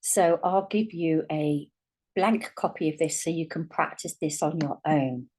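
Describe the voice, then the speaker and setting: A woman teaching a writing lesson, dictating each word as she writes. Her low voice is soft and slightly husky, and her pace is slow and patient. Faint keyboard typing sounds in the background. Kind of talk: dyslexia writing lesson, thinking aloud while writing.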